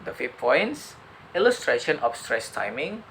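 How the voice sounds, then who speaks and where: A young man, a student with an Indonesian accent, summarizing a lecture in halting speech with many fillers and restarts. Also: fairly high pitch, big pitch swings, fairly bright tone, a little hiss or hum, rough recording. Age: young adult. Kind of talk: student summary of a lecture, partly read aloud.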